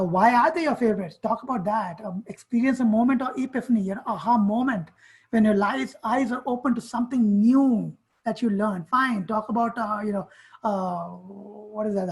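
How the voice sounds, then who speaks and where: A woman's voice: medium pitch, a little mellow, low-quality recording. A woman coaching students on college essays in an online workshop, speaking directly and firing off questions and commands.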